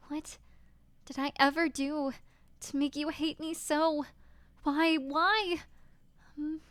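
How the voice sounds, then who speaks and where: A woman's voice: very high-pitched, a bit bright, no echo, voice pushed up, exaggerated voice. A woman voicing a distraught young woman who stammers and pleads, reading game dialogue aloud. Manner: trembling, stammering, breaking into whispers.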